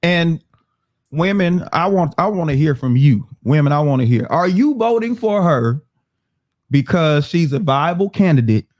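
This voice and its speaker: A man's voice: fairly high pitch, animated, moderate pace, darkish tone, no echo, dull audio. A man hosting a casual political talk show, reading viewer comments aloud and laughing often. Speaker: podcast host.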